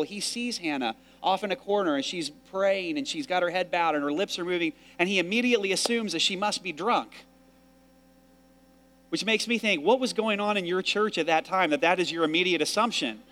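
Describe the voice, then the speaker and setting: A pastor preaching a sermon, telling a Bible story with animated delivery and acted-out quotes. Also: male voice, on the high side.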